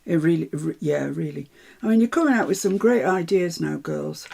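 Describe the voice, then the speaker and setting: A woman's voice: sits low, expressive, moderate pace, creaky, a little mellow. An older woman giving a chatty live craft demonstration, with self-mocking asides while she works. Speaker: craft tutor.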